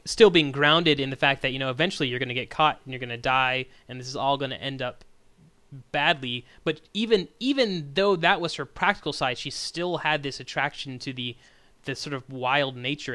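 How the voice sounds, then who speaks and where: A man co-hosting a casual film review podcast, rambling with frequent restarts and animated retellings. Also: medium pitch, no room sound. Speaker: podcast co-host.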